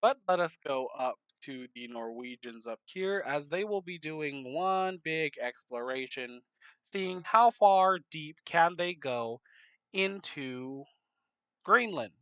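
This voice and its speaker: A man narrating a map game in casual commentary, unhurried, muttering asides to himself. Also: on the high side, lively intonation, a bit bright, smooth, no room sound.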